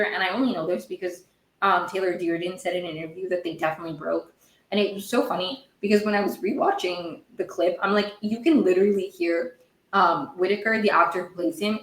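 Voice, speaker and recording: A woman's voice: medium pitch, fairly bright tone, echoey room, rough recording. A woman hosting a podcast, recapping a TV episode in a casual, rambling way, often correcting herself and getting heated. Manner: rambling, self-correcting, quick to get heated. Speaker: podcast host.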